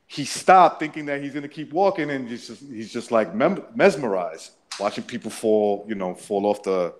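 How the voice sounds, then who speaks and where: A man's voice: medium pitch, lively intonation, normal speed. A man casually recounting a personal story, rambling with many restarts and frequent swearing. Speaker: interviewee.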